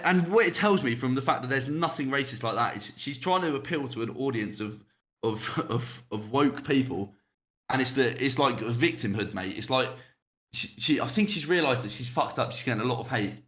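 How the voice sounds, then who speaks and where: A young male podcast host talks in a blunt, casual way and swears freely. His voice sits at a middling pitch. The sound carries a roomy echo. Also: expressive, moderate pace, a bit bright.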